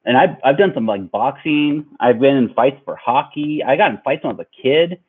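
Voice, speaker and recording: Young man, lively rambling storyteller, tinny phone-like sound, vlog chat. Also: medium pitch, normal speed, breathy edge. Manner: rambling, animated, laughing at his own story. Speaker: vlogger. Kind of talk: casual storytelling.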